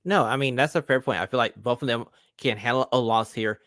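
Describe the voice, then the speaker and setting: A man's voice: mid-range voice, fairly quick, a bit bright, dry recording, clean studio sound. A man hosting a wrestling podcast, previewing matches with enthusiasm and plugging tickets in a casual chat. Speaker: podcast host.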